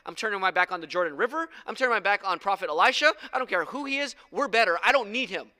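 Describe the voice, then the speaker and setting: A man's voice: high-pitched, measured pace, bright, forceful tone, clear, resonant tone, no room sound, pitched above the performer's own voice. A man voicing a proud, indignant army general who boasts in huffy outbursts.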